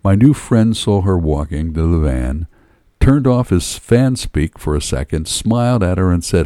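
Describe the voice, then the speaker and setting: A man's voice: low voice, lively intonation, unhurried, dark tone, no echo. A man reading a story aloud in a wry, first-person storytelling manner. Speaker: narrator.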